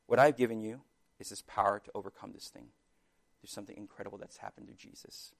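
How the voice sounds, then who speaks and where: A man with a low, gravelly voice preaches an earnest sermon. He talks in a halting way, restarts often and swings from soft passages to sudden loud bursts. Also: fairly even intonation.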